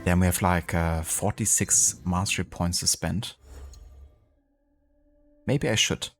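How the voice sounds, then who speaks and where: A man's voice: low voice, slow pace, soft background music. A man streaming a video game live, chatting casually and thanking viewers with many fillers. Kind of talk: casual live-stream chat while gaming.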